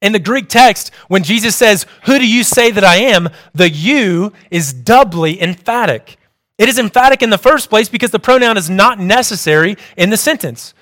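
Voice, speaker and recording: A young man delivering a sermon, reading in a measured, explanatory way. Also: high voice, expressive, a bit bright. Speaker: preacher.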